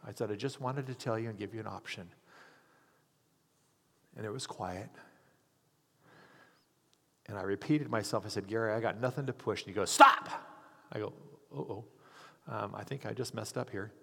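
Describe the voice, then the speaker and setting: A man's voice: lowish voice, moderate pace, gravelly, pauses often, slightly rough. Earnest man preaching in a reverberant hall. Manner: earnest storyteller acting out quoted voices. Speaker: hospital chaplain. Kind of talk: sermon storytelling.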